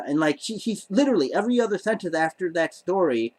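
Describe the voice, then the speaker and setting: A man's voice: sits high, lively intonation, fast talker, darkish tone. A man telling a story to camera in a rambling, stammering way, full of exasperated disbelief. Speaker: vlogger.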